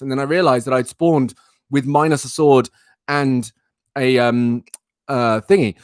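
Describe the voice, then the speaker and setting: A man's voice: medium pitch, brisk, no echo, studio quality. A young man hosting a live talk stream, telling a rambling, exasperated story and repeating himself for emphasis. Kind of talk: casual ranting anecdote.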